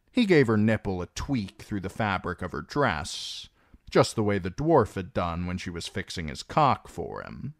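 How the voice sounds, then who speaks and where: A man reading a novel chapter aloud as narrator, slow and expressive. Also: low-pitched, no echo, studio quality. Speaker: audiobook reader. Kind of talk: storybook narration.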